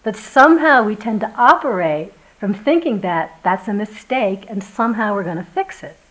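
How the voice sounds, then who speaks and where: A woman teaching meditation at a retreat, giving a gentle, reflective dharma talk and sometimes acting out voices as she tells a story. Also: mid-range voice, animated, moderate pace, rough recording.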